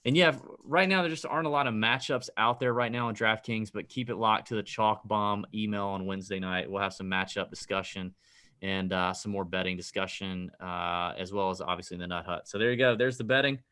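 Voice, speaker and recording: A man's voice: on the low side, brisk, clean tone. A middle-aged man co-hosting a casual betting podcast, telling a rant with lots of energy. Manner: animated ranting storyteller. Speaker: podcast co-host.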